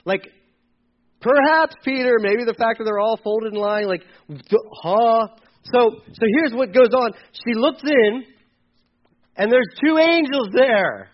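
Animated, high-voiced man preaching a sermon. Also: measured pace, highs cut off. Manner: animated, acts out quotes with sudden loud bursts and quiet drops. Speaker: pastor. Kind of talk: casual sermon.

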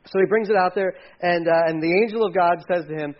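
A man preaching a sermon in a casual, animated way, acting out quotes and sometimes dropping his voice low. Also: fast talker, dull audio. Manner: conversational, animated, acts out quotes, drops to hushed tones. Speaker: pastor.

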